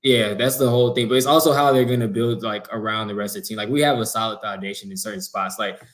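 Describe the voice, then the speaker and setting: Easygoing male co-host, lowish voice, loose and filler-heavy sports chat. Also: fairly even intonation, fast talker, a bit bright. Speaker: podcast co-host.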